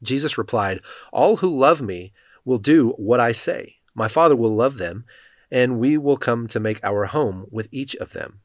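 A man giving a measured, even reading of Bible passages, speaking the quoted lines in his own voice. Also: medium pitch, no room sound. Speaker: scripture reader.

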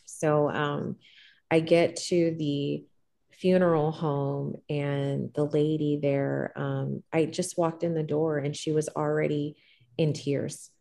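A middle-aged woman, a guest telling a personal story in conversation, calm and even-keeled, with frequent fillers and restarts. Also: slow. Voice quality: gravelly low voice.

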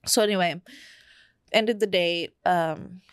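Young woman, low pitch, podcast co-host; candid, confessional storytelling, loose and full of fillers. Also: slow pace, smooth, no echo, clean studio sound. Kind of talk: personal storytelling in casual chat.

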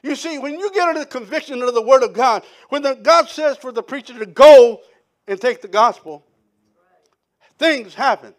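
Man preacher, very high voice, animated sermon storyteller. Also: normal speed. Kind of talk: sermon testimony.

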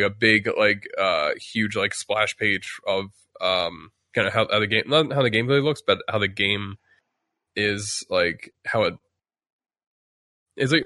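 A man's voice: fairly low pitch, sharp tone, no echo, clean studio sound. A man chatting casually on a podcast, rambling with many restarts and fillers while acting out quotes. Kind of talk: casual chat.

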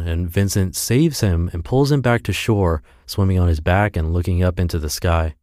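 Upbeat low-voiced male podcast narrator. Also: a little mellow, dry recording, studio quality. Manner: upbeat, emphatic reading with acted dialogue. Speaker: podcast narrator reading blog posts. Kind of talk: scripted narration of a self-help blog.

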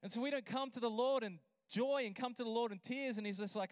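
High, clear-voiced man preaching with passion. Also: no echo, studio quality. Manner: passionate, builds to emphatic drawn-out lines; chatty asides with laughs. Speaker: pastor. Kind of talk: sermon.

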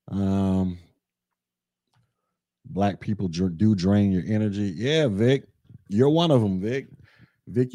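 Laid-back man with a low, mellow voice. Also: no room sound, studio quality. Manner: laid-back, conversational, reads chat comments aloud. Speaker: podcast host. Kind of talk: casual commentary monologue.

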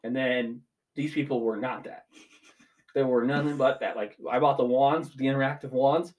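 A man's voice: medium pitch, fairly even intonation, normal speed, darkish tone. A young man in his twenties ranting casually as a podcast co-host, swearing freely. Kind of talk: casual chat.

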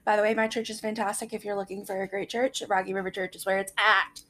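A woman's voice: medium pitch, little pitch movement, fast, a bit bright, slight background noise. A young woman telling a personal faith story in a casual, rambling way, often laughing at her own anecdotes.

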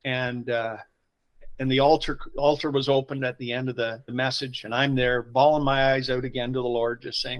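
A middle-aged man, a pastor telling personal stories in an interview, swinging from quiet asides to loud emotional bursts. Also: mid-range voice, level tone, moderate pace, low-quality recording. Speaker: pastor, podcast guest. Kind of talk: conversational storytelling interview.

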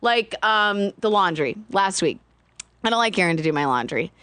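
A woman in her thirties co-hosting a podcast, retelling stories in a lively, dramatic way. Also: medium pitch, normal speed, clear, resonant tone, dry recording. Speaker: podcast co-host. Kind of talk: casual chat.

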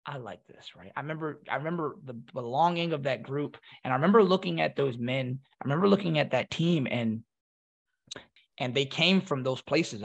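A man from North Philadelphia tells stories as a podcast guest, with a gravelly, creaky edge to his voice. He pitches a little high for a man and slips into the voices of the people he quotes. His delivery is casual and lively. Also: highs cut off. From North Philadelphia, USA. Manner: animated, acts out quoted voices. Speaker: podcast guest, former Marine. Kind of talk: casual storytelling.

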